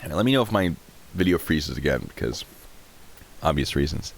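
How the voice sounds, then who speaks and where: A man's voice: very deep voice, very animated, normal speed, gravelly, long pauses. A man in his thirties hosting a live stream, chatting casually and rambling while answering chat questions.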